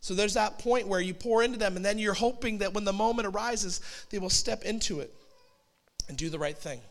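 A pastor in his forties delivers a sermon in a high, light male voice. He tells it like a story, chatty and conversational, with quick asides.

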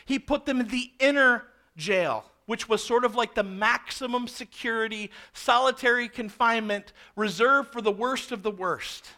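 A man preaching a sermon, expressive, swinging from loud emphasis to hushed low words. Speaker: pastor.

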